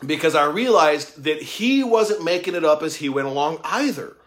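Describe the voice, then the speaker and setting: A man giving a casual monologue about mentorship, profane and excitable, full of slang, acting out conversations he quotes. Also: on the high side, moderate pace. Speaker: tattoo artist talking about mentorship.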